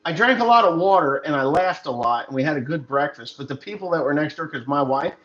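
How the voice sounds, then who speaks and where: Chatty american farmer on a lo-fi stream. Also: male voice, a little high, lively intonation, quick pace, a bit bright, soft background music. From United States. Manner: chatty, joking storyteller. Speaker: farmer livestreamer. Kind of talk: rambling livestream chat. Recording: dull lo-fi sound with faint noise.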